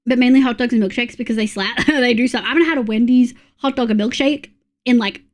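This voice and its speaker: A woman's voice: on the high side, fast. An Australian woman in her thirties chatting casually on a live stream, blunt and sweary, reacting to chat.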